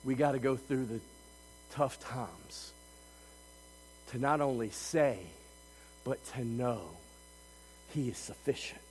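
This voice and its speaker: A man preaching a sermon as pastor, moving between loud, emphatic passages and quiet, intimate asides. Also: mid-range voice, long reverb tail, rough recording. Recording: faint mains hum.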